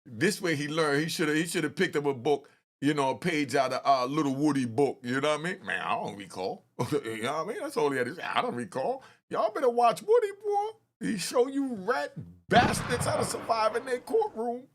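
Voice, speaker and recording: Guy ranting over court clips, slangy and mocking, pitch jumps all over. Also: fairly quick. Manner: animated, scornful, slangy street talk. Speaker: host reacting to courtroom footage. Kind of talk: mocking commentary.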